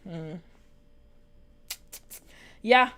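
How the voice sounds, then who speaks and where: A woman's voice: lowish voice, lively intonation, extremely slow, pushed and bright, clean tone. Earnest young woman vlogging. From United States. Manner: rambling and earnest, with many fillers and restarts. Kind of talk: casual chat, reading and answering live comments.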